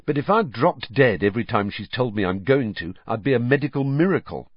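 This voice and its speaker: A wry, weary teenage schoolboy in a storybook reading, dry in his humour, as a male narrator reads him. The husky voice has a dull, close, dry sound. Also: mid-range voice, animated, a little fast, no echo.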